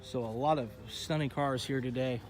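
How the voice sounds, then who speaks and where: A Texan man hosts a casual walkaround of an outdoor car show, speaking at normal speed in a steady, mid-range voice. He's chatty and enthusiastic, addressing his viewers directly.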